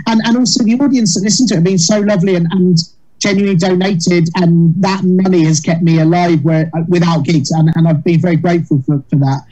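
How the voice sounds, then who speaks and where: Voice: mid-range voice, fairly even intonation, fairly quick, warm tone, rough recording. A comedian guest chatting over a video call, rambling through tangents with frequent laughs. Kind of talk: casual chat.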